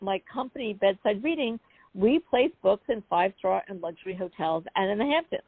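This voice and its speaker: A woman guest on an interview show, telling a personal story in a chatty, animated way with many asides. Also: mid-range voice, a little fast, husky, no echo. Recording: phone-like dry call audio.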